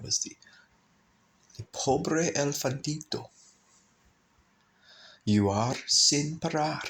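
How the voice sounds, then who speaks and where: A man's voice: medium pitch, a little hiss or hum. A man on a pilgrimage talking to his phone camera in a hotel room, rambling and emotional as he thinks aloud. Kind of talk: rambling vlog monologue.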